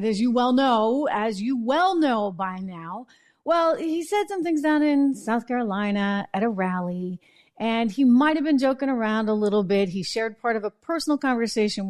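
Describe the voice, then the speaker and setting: A woman hosting a political commentary show, talking in a chatty, sarcastic way. Her voice sits a little high. She throws in quick asides and corrects herself mid-sentence as she goes.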